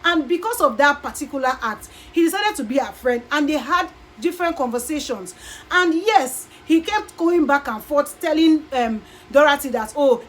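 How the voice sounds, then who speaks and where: A woman's voice: sits high, a little hiss or hum, poor audio. A Nigerian woman vlogger chatting animatedly as she recaps a show, acting out quotes as she goes. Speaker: YouTube vlogger. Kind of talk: casual gossip recap.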